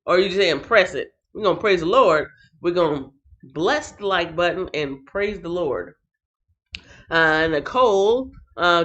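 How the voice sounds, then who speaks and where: A woman's voice: fairly low pitch, expressive, normal speed, a bit bright, dull audio. A woman hosting a casual Bible reading livestream from her phone, greeting viewers by name and recapping chapters playfully. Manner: playful, reads chat comments aloud, sings and laughs.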